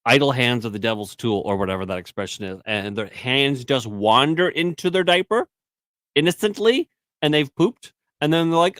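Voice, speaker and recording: A man co-hosting a casual news podcast, telling animated stories and swearing freely. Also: mid-range voice, moderate pace, no echo. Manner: animated storyteller, acts out voices, swears. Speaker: podcast co-host. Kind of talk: casual banter about news.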